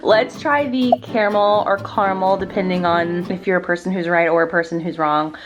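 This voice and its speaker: A woman's voice: lowish voice, a little fast, lo-fi sound. A woman vlogging casually as she taste-tests drinks, chatty and playful, with rambling jokes. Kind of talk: casual taste-test vlog.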